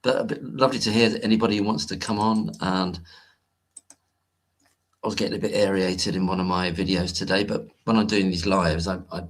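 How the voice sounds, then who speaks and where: A man with a low, husky voice chats loosely on a home livestream. He rambles and restarts his sentences as he greets people in the chat one by one. Recorded on a home computer mic. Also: steady tone, brisk. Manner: rambling, hesitant, greets chat viewers warmly. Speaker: livestream host. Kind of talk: casual live-stream chat.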